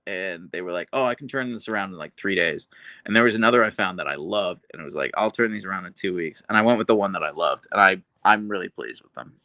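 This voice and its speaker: Casual streamer, male, deadpan dry delivery, bright gravelly tone, close dry sound. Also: lowish voice, no room sound. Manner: chatty, earnest, with restarts and laughs. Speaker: livestream host reading chat. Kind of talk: casual live stream chat.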